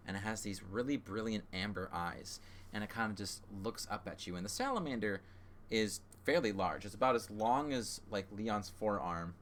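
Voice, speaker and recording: A man narrating as game master of a tabletop game, halting with frequent fillers. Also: lowish voice, fairly bright tone, slight background noise.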